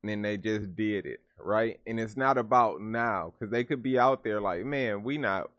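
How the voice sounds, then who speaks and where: Male reaction host, slangy and keen, low voice, dry lo-fi recording. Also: moderate pace, a bit bright, no echo. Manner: enthusiastic, slangy, thinks aloud. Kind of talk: casual reaction commentary. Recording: dull lo-fi sound.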